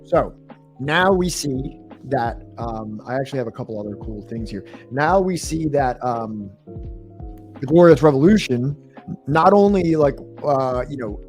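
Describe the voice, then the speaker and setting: A man co-hosting a history stream, reading from a book and explaining it in his own words, pausing often with fillers and correcting himself as he goes. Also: medium pitch, darkish tone. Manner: thoughtful, with frequent fillers and self-corrections.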